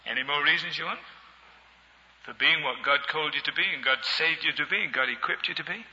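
A man's voice: on the high side, fairly quick, big-room sound, muffled recording. A man preaching a sermon with humor, chuckling and talking to his congregation. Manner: humorous, animated, chuckling asides.

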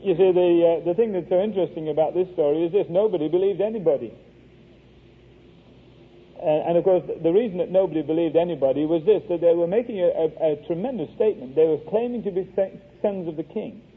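Husky preacher on tinny radio. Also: male voice, on the high side, quick pace. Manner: earnest, anecdotal, wry. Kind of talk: sermon with storytelling. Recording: tinny phone-like radio broadcast.

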